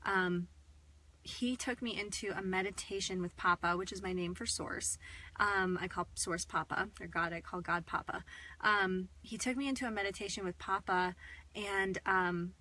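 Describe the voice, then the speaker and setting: A woman's voice: mid-range voice, steady tone, normal speed, bright, forceful tone, low-quality recording. A woman talking casually as a spiritual channeler, rambling, swearing freely and passing on a spirit guide's words.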